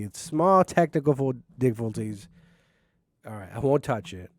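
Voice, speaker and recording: A young man talks alone into his mic in a basement, his voice dry and close with no room around it. He wanders from one tangent to the next, crude and easily worked up into rants, at a mid pitch that is neither high nor low. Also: lively intonation, no echo. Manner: crude, rambling, quick to anger. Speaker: podcast host. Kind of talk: solo podcast rant. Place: home basement.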